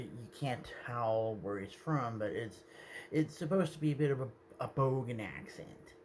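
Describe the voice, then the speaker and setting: A man's voice: fairly low pitch, slight background noise. A man talking to his viewers in a meandering, hesitant way, often correcting himself mid-sentence. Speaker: video creator. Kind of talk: casual rambling monologue.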